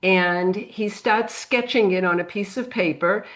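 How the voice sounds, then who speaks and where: A middle-aged woman with a New England accent, telling a lively anecdote on a panel and acting out the voices in it. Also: mid-range voice, measured pace. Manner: animated anecdote with acted-out quotes. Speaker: panel guest. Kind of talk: storytelling on a panel.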